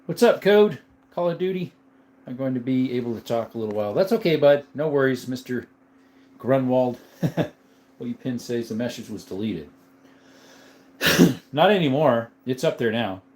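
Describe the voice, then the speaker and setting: A man's voice: medium pitch, expressive, moderate pace, pauses often, a little mellow. A man hosting a live stream, chatting casually, greeting viewers by name and laughing often. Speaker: livestream host. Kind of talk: casual live chat reading comments.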